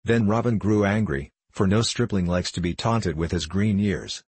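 Deep, husky storybook narrator, man. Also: moderate pace, hardly any pauses, dry recording. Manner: steady, old-fashioned storytelling.

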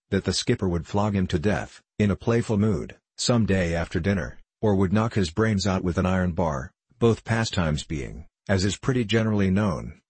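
Deep husky male audiobook narrator. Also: dry recording. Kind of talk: scripted narration of a classic novel.

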